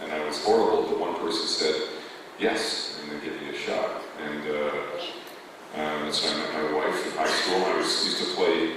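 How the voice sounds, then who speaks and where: A man's voice: very deep voice, fairly even intonation, moderate pace. A man from Canada telling rambling, self-deprecating stories on a convention panel. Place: convention hall. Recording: echoey hall from far off, noisy.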